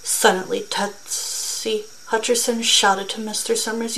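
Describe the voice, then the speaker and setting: A woman reading a short story aloud in a steady, measured way. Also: medium pitch, low-quality recording. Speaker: reader.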